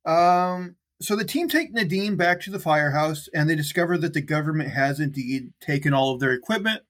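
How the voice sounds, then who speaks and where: A man's voice: on the high side, fairly quick, fairly bright tone. A man co-hosting a casual chat, recapping a film in a rambling way with many fillers. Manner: rambling, lots of "like" and "um" fillers, laughs easily. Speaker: podcast co-host recapping a film.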